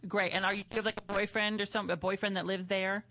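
A man's voice: sits high, flat delivery, sharp tone, no room sound. A man co-hosting a call-in radio show, playful and campy, talking into a studio mic. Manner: playful, campy, quick to laugh. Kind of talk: casual comedic radio chat. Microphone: studio microphone.

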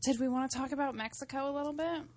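A woman's voice: sits high, rapid-fire, a little mellow. A woman co-hosting a call-in radio show, trading brash, giggly banter. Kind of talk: casual call-in radio chat.

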